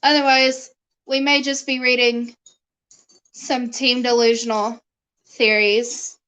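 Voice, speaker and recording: Young woman streamer chatting to her viewers, high voice, takes her time, laughs a lot. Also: level tone, takes it slowly, a bit bright, clear, resonant tone, rough recording. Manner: chatty, laughs often, talks to chat and her dog. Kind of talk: casual live-stream chat.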